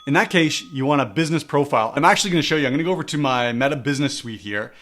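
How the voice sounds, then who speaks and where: A man's voice: on the high side, expressive, racing, fairly bright tone. A man teaching a screen-recorded tutorial as a marketing coach, emphatic and fond of repeating key words for stress. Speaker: coach explaining social media marketing.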